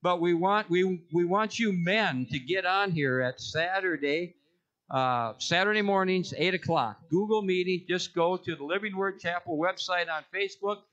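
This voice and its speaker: A man's voice: high voice, moderate pace, a bit bright, lo-fi sound. A man reading the church announcements in a casual, joking way, rambling and correcting himself as he goes. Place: church sanctuary.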